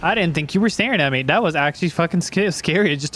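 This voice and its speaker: A man's voice: a little high, lively intonation, fast, few pauses, fairly bright tone. A young man giving casual, rambling let's-play commentary as a gaming streamer, swearing freely and slipping into silly voices.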